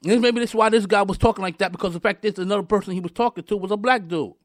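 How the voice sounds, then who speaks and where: Talking straight to his listeners, a high-pitched male host delivers a heated rant at rapid-fire speed, tripping over restarts and repeating himself. There's no room sound, and the quality is studio-grade.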